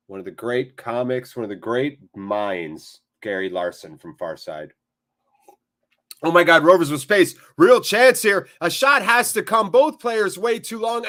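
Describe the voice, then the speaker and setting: A man hosting a live football watchalong, switching between excitable play-by-play and chatty replies to viewers. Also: medium pitch. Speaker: watchalong host. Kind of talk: live match watchalong commentary.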